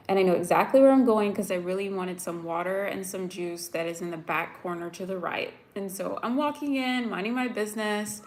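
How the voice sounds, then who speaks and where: A young woman from the United States telling viewers a story in a chatty, animated way, full of "like"s, upset and close to tears. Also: mid-range voice. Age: young adult. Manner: chatty, animated, many "like"s, addresses viewers directly. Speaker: vlogger. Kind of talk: casual storytelling to live viewers.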